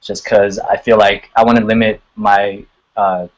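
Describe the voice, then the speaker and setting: A man's voice: fairly low pitch, little pitch movement, a little slow, highs cut off. A man, a singer and guest, chatting casually on a live video call in a laid-back way, cursing now and then and often laughing. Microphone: computer on a video call.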